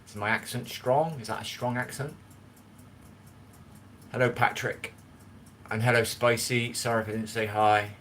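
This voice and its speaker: A man's voice: mid-range voice, fairly even intonation, normal speed, pauses often, fairly bright tone, slight background noise. A man chatting casually to his live-stream viewers while he cooks and tidies at home, rambling from topic to topic and swearing bluntly now and then. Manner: rambling, chatty, talks straight to viewers in chat. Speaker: livestream host. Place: home kitchen.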